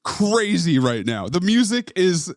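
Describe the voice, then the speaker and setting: A man's voice: high voice, sing-song, measured pace, no room sound, clean studio sound. A man co-hosting a movie podcast, recapping a film with sardonic jokes. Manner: sardonic, jokey, quotes movie lines in put-on voices. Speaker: podcast co-host. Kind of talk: casual movie recap chat.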